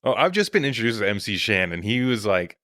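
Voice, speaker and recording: A man's voice: on the low side, sing-song, quick pace, sharp tone, dry recording, clean studio sound. A Canadian man chatting easily as a guest on a podcast. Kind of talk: casual chat.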